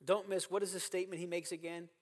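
A man's voice: high voice, flat delivery, fast, long reverb tail. A man preaching a sermon as pastor, earnest and emphatic, repeating phrases for stress. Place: church sanctuary.

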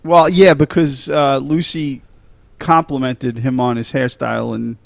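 A man's voice: medium pitch, little pitch movement, measured pace, vocal fry, dry recording. A man co-hosting a casual film chat, cracking crude jokes and swearing freely. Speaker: podcast co-host. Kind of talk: casual movie recap chat.

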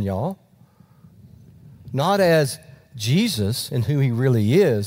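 A pastor preaching a sermon in a conversational storytelling way, with frequent asides to the congregation. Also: male voice, medium pitch, sing-song, slow, pauses often, darkish tone.

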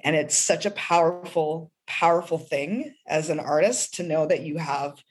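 Heartfelt low-voiced woman singer. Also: normal speed. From pastor's kid. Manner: heartfelt, emotional, laughs often. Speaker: singer-songwriter guest. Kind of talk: podcast interview.

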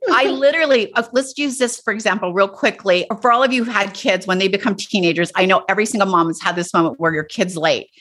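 A woman in her fifties, a guest in a casual conversation, talking earnestly and telling stories with lively asides. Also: mid-range voice, fast talker, few pauses.

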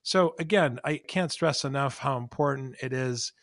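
Gravelly priest asking rhetorical questions. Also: male voice, medium pitch, moderate pace, no echo, studio quality. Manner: emphatic, asks rhetorical questions. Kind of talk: scripture discussion.

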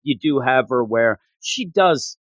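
A man's voice: medium pitch, expressive, measured pace, fairly bright tone, no echo. A man in casual chat, enthusiastically retelling story scenes and slipping into acted quotes. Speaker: co-host discussing a manga.

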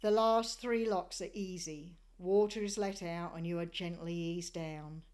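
A woman narrates a sailing journey in a measured, descriptive way. Her voice sits a little low for a woman, and the delivery is steady and scripted. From Australia.

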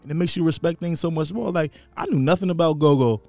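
A man's voice: a little high, fast talker, vocal fry, warm tone, soft background music. A man in his thirties, born in New York and raised in Atlanta, talking animatedly and chuckling on a casual podcast. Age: 30s. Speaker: podcast co-host.

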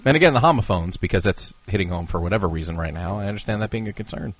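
A man from New Jersey co-hosting a casual podcast chat, joking and bantering, quick to curse. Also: sits low, no echo. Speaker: podcast co-host.

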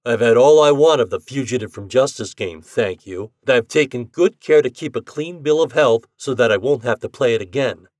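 A man's voice: mid-range voice, normal speed, hardly any pauses, darkish tone, no echo, clean studio sound, lightly acted. A man voicing a breezy, slangy young American con man in a story reading. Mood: confiding. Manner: breezy, amused slangy talk. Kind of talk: audiobook character reading.

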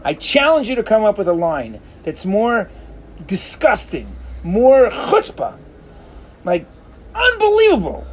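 A man teaches a Torah class with real animation, his fairly high voice leaping up and down as he acts out the people in the text. He slips Hebrew phrases into his talk, and a faint hum of room noise sits behind him. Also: big pitch swings, takes it slowly.

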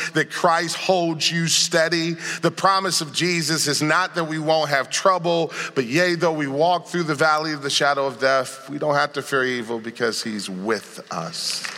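A man preaching a sermon as a pastor, animated and telling the story with acted-out voices. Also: medium pitch. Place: large church sanctuary. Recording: church hall reverb.

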